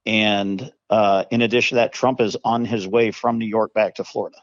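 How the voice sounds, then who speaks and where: Guy co-hosting a talk show, slow and hesitant, lots of you know, kinda muffled dry audio. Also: fairly low pitch, fairly even intonation, dry recording. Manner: measured, hesitant, many fillers. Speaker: co-host. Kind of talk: casual political talk.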